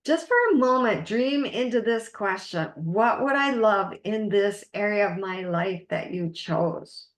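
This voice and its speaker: A woman coach gives a masterclass in a voice of ordinary middle pitch. She speaks earnestly and encouragingly as she guides her listeners. The room around her sounds echoey. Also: measured pace, hardly any pauses. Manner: earnest, encouraging, guiding the listener through exercises. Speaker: life coach.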